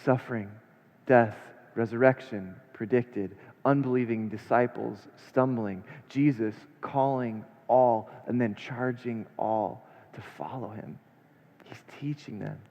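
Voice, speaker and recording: A man preaching a sermon, reading scripture aloud and then unpacking it with rhetorical questions, his delivery swinging between hushed and emphatic. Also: mid-range voice, steady tone, measured pace. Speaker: pastor. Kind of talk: expository sermon. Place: church sanctuary. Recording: long church reverb, dull lo-fi sound.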